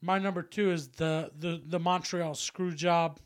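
Man, high voice, podcast co-host, casual chat, excitable, laughs often, profane. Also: a little slow.

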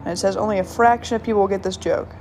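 A woman's voice: mid-range voice, steady tone, very fast, darkish tone, faint music behind. A woman hosting a casual solo podcast, reading jokes aloud with frequent giggles and stumbling over the punchlines. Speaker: podcast host.

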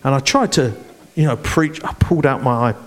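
A man's voice: mid-range voice, normal speed. A man, a church leadership director, speaking animatedly and playfully in an onstage interview in front of a congregation.

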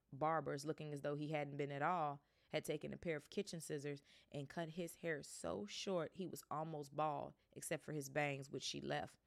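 Low gravelly woman reading aloud. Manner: chatty, breaks off to react. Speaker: podcast host reading aloud. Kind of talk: casual read-aloud with asides.

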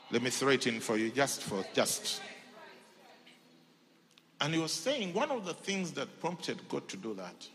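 A male pastor preaching a sermon, swinging between loud shouts and near whispers. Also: on the low side, long reverb tail, a little hiss or hum.

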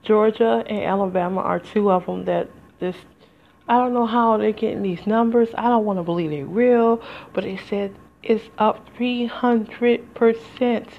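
A woman speaking in a heartfelt, rambling solo podcast monologue straight to her listeners. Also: mid-range voice. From United States. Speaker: podcast host. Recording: slightly dull lo-fi home recording.

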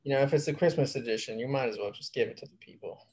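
Laid-back husky-voiced podcast guy. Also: mid-range voice, racing, a little mellow. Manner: rambling, laid-back, slangy. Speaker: podcast co-host. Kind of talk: casual chat.

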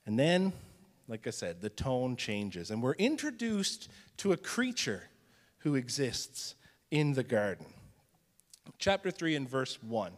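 A male pastor preaching a sermon in a conversational teaching style, dropping to a hushed voice for emphasis. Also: medium pitch, sing-song, slow pace, long reverb tail.

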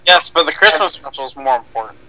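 A man's voice: fairly high pitch, lively intonation, fast talker, noisy background. A young man co-hosting a casual podcast chat, speaking in a mock-solemn, insistent way and repeating names for emphasis. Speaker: podcast co-host.

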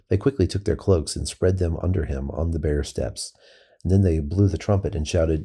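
A man reads scripture aloud at a steady, measured pace. His voice sits very low, with a gravelly, creaky grain. The tone is dark and husky. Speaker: scripture reader. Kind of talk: scripture reading.

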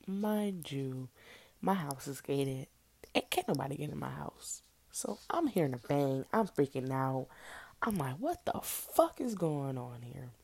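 A woman telling a casual story in slangy, animated talk, with sudden loud outbursts. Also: very deep voice, gravelly, breathy edge.

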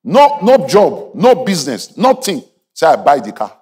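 A man preaching a sermon in a hall, emphatic and repeating his phrases, building up to shouts. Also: fairly high pitch, huge pitch swings, normal speed, slightly rough. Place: large hall or convention venue.

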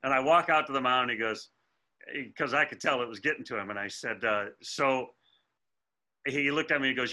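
Male interviewer, very bright sharp tone, chatty, asks long winding questions. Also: mid-range voice, a little fast. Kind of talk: casual interview talk.

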